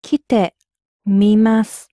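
A woman modelling phrases in a language course, repeating each one clearly and carefully. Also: mid-range voice, level tone, slow pace, mellow, no room sound, studio quality. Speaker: native model speaker.

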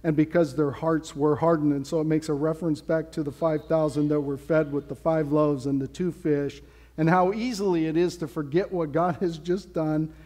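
A man's voice: fairly high pitch, little pitch movement, moderate pace, mellow. A man preaching a sermon as pastor, in a casual, conversational way with playful asides. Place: church sanctuary. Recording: long hall reverb.

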